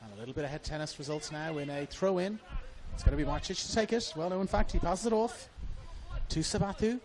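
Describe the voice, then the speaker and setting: A man's voice: fairly high pitch, fast. A man with an Australian accent giving live football match commentary from a commentary box at the ground, rising with the action.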